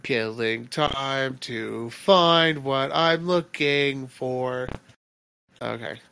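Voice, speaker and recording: Slow, forceful man running a game. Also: medium pitch, gravelly, clear, resonant tone, no room sound. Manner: rambling, describes scenes with fillers. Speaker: game master. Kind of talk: narrating a tabletop game.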